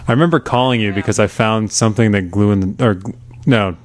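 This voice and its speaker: A man's voice: lowish voice, fast talker. A man co-hosting a casual commentary podcast, making dry, matter-of-fact remarks. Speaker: podcast co-host.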